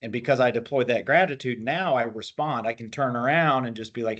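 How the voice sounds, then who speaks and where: A man appears as a guest on a call, giving a motivational talk that explains mental skills plainly using military terms. His mid-range voice is a little fast and a bit bright.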